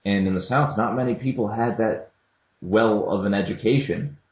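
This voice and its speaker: Young male co-host, lowish voice, hesitant casual delivery, echoey lo-fi room. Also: moderate pace. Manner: hesitant, many restarts and fillers. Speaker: podcast co-host. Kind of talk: casual film discussion. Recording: echoey room, dull lo-fi audio.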